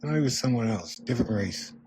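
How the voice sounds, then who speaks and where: A man voicing a female tarot card reader as he retells a personal story. She speaks gently but firmly. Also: mid-range voice, lively intonation, fairly quick, noisy background, natural voice. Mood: insistent.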